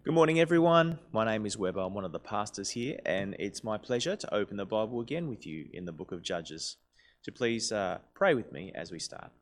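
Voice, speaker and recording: A man, a pastor preaching in a lively, conversational manner. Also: fairly low pitch, a little fast. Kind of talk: sermon.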